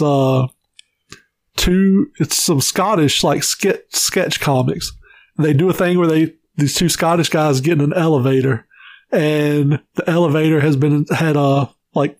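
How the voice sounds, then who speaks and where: A man co-hosting a podcast, an animated storyteller who swears freely in casual chat. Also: fairly high pitch, no room sound. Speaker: podcast co-host.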